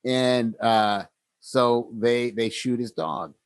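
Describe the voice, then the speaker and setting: A man's voice: mid-range voice, fairly even intonation, takes it slowly, clean tone, dry recording. A man co-hosting a podcast, retelling story scenes in a casual way and acting out the characters' lines. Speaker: podcast co-host.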